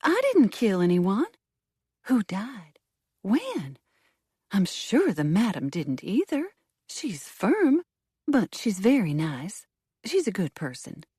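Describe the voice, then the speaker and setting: A woman voicing a nervous young Southern woman who answers the door, with a soft drawl, in an audiobook. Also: lowish voice, sing-song, moderate pace, few pauses, slightly rough, dry recording, clean studio sound, voice pushed up. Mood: flustered. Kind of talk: audiobook character voice.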